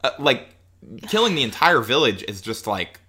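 Bright-voiced young man chatting. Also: medium pitch, normal speed, breathy edge. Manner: animated, many "like" fillers, acts out quotes. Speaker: podcast co-host. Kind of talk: casual chat.

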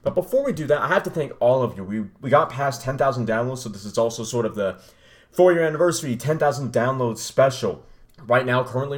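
A young man talks through his own podcast in a loose, rambling way. His voice sits a little low, and he chats casually and off the cuff. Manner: rambling, chatty, reacts to his old recording. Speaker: podcast host. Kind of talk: casual solo podcast talk.

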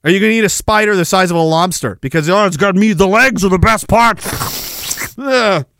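A man hosting a podcast, rambling through a profane, animated rant, swearing and chuckling, swinging from loud bursts to low mutters. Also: moderate pace, slight background noise. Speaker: podcast host.

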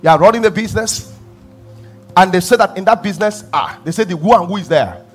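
Male preacher, high voice, punchy repeated phrases, faint music underneath. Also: quick pace, breathy edge. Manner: emphatic, repeating phrases for stress; animated storytelling, often laughing. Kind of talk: sermon.

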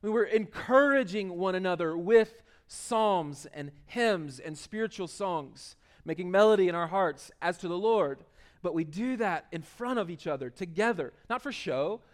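High-voiced man preaching conversationally. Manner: conversational preaching with frequent restarts and emphatic swells; slows down to read scripture aloud. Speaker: pastor. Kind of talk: sermon.

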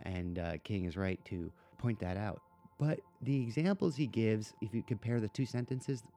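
A podcast host with a low, mellow voice chats casually about a book. He rambles through his points, full of fillers and restarts.

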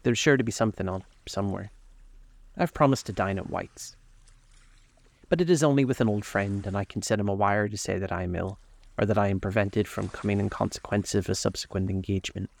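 A man's voice: fairly low pitch, fairly quick, vocal fry. A man reading aloud as a languid, witty older nobleman who drawls his epigrams.

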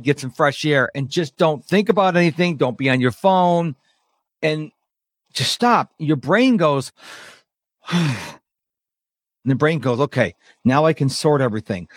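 A middle-aged man who coaches people on overwhelm, talking casually as a podcast guest and acting out quotes in lively voices. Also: on the high side, measured pace, no room sound, studio quality. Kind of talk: casual interview talk.

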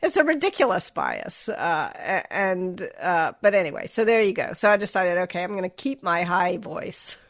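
In a candid interview, this Southern-born author in middle age talks in General American, having shed her Southern accent, and reflects on herself with self-deprecation and frequent restarts. Her fairly low voice is very animated, moving at a moderate pace with few pauses.

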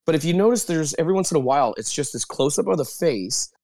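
A man's voice: on the high side, expressive, fast talker, darkish tone, dry recording, studio quality. A man in a casual group chat, enthusiastic and stammering through restarts.

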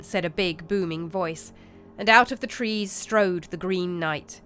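Bright, crisp woman storyteller. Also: on the low side, soft background music. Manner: measured, expressive storytelling. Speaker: narrator. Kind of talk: storybook narration.

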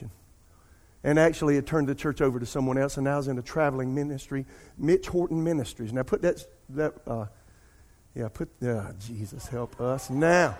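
A man's voice: medium pitch, darkish tone. A middle-aged man, preaching a sermon and addressing his congregation directly. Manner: preaching with call-and-response asides to the congregation. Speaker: pastor. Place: church sanctuary. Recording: long hall reverb.

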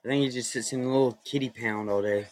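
A man's voice: medium pitch, fairly even intonation, fast. A man co-hosting a casual call-in show, ribbing the others and tacking "man" onto his lines. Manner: joshing, drawling, says "man" a lot. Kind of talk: casual call-in radio chat.

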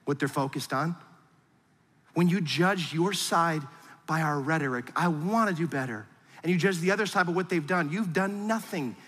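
Male pastor preaching a sermon; high, bright, forceful voice, animated, acts out voices, echoing church hall. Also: normal speed. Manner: animated, acts out angry voices, then drops low and soft for serious points.

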